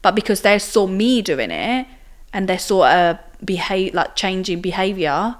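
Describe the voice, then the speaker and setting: As a guest in a podcast interview, a young woman in her twenties tells her own story in a chatty style, leaning on fillers like "like" and "do you know what I mean." She sounds animated at a medium pitch and takes her time.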